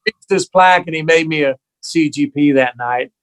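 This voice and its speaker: Animated older male storyteller. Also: a little high, moderate pace. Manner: animated storyteller who acts out quoted voices. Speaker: guest musician. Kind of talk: storytelling interview.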